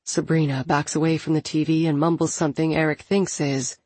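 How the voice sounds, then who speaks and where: A woman with a low, husky voice narrates an audiobook at a measured, steady pace. The recording is dry and close with no room sound. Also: no echo.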